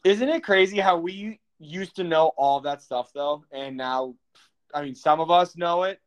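A man's voice: fairly high pitch, unhurried, clean tone. A young man co-hosting a podcast, quizzing his partner in a teasing, casual way and laughing often. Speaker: podcast co-host and quizmaster. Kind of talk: casual chat.

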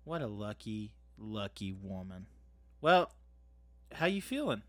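A man's voice: on the low side, big pitch swings, takes it slowly, no room sound. A man co-hosting a comedy podcast, recapping an episode in a loose, joking way with plenty of fillers. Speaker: podcast co-host. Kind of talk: casual comedic chat.

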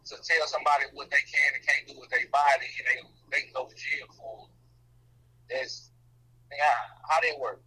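A man's voice: mid-range voice, steady tone, moderate pace, sharp tone, breathy edge, low-quality recording. A man co-hosting a podcast, bantering in loose, slangy, profane casual chat. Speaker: podcast co-host.

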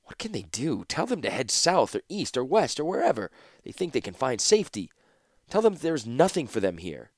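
A man's voice: mid-range voice, sing-song, normal speed, dry recording, clean studio sound. A man reading the part of a grief-stricken older master artificer whose voice sounds strangled. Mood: anguished. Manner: strangled, rising to vengeful resolve.

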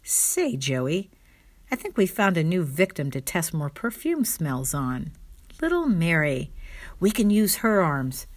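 A woman's voice: fairly low pitch, sing-song, slow pace, heavily acted. A woman doing a bossy, teasing aunt. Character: bossy, mischievous grown woman, playful aunt.

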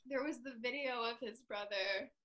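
A young woman with a high voice tells a story to a friend, animated and laughing often. She says "like" a lot. Her tone is bright and clear. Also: moderate pace. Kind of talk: casual chat.

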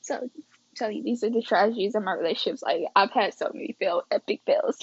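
A woman's voice: medium pitch, brisk, breathy edge, no room sound, lo-fi sound. A young woman casually telling a story to her viewers, chatty and slangy, acting out quoted dialogue dramatically. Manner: slangy and chatty, addresses the audience as guys and y'all.

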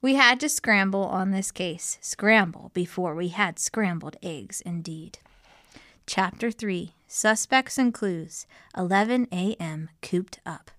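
Brief: woman narrator for a kids' detective storybook, mid pitch, dry close sound. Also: slow, a bit bright, no echo. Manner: punny hard-boiled detective narration. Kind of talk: storybook read-aloud.

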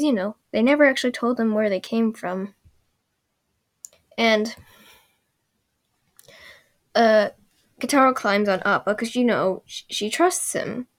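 A woman casually recapping a show episode, full of sarcastic, rambling asides. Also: a little high.

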